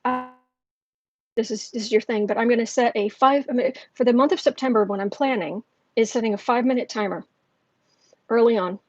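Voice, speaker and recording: A woman hosting a livestream as a tarot reader, chatting casually with many fillers and restarts, speaking softly and gently and sometimes dropping to a near whisper. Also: a little high, fairly quick, pauses often, dry recording, dull audio. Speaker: tarot reader and channel host.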